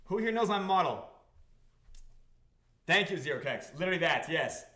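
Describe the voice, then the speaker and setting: A man's voice: on the high side, very animated, normal speed, bright, forceful tone, reverberant, slight background noise. A man hosting a live stream, talking casually to chat and swearing freely. He repeats himself and keeps asking the audience whether they follow. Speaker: crypto project founder hosting a live stream.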